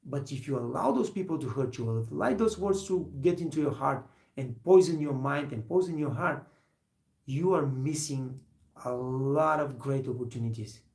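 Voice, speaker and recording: Man, hospitality trainer, gravelly voice, earnest and rambling motivational talk, roomy echo. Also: mid-range voice, normal speed, darkish tone. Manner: earnest, rambling, many fillers.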